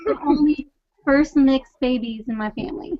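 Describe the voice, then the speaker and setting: Chatting casually on a podcast, the same high-voiced Pakistani guest meanders through her stories, giggling and using plenty of fillers at a moderate speed. There's no echo, and the audio has a dull, lo-fi character from a dry room.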